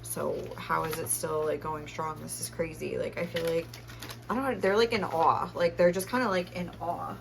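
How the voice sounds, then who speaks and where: A woman's voice: low voice, fairly even intonation, moderate pace, creaky, slight background noise. A young woman giving a casual tarot reading, chatty and full of fillers, often laughing as she talks. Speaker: tarot reader.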